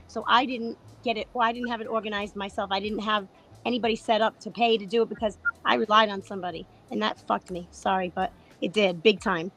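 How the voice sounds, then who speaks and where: A middle-aged woman with a hoarse voice, candidly chatting about trading on a panel, laughing and swearing casually. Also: medium pitch, steady tone, fairly quick, fairly bright tone, poor audio. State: lost her voice, tired.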